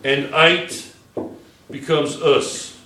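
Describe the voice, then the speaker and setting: A male teacher talks slowly through a chemistry lesson, stopping often to ask "okay?" and fixing his own slips as he goes. The echoey classroom bounces his voice around, and the camera sits well back from him. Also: a little high, steady tone, sharp tone. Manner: checks in constantly with "okay?", restarts and self-corrects. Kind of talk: classroom lecture at a whiteboard. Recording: echoey classroom, recorded from a distance.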